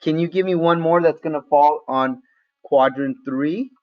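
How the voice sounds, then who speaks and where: A man's voice: a little high, moderate pace, dull audio. A man teaching a math lesson to a class online in a casual, friendly way, calling on students by name.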